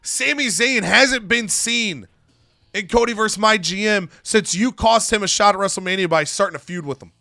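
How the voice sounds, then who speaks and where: A man's voice: high voice, normal speed, vocal fry, bright, forceful tone, no echo, studio quality, heavily acted. A man voicing a cocky, arrogant male pro wrestler delivering taunting trash talk in a game story.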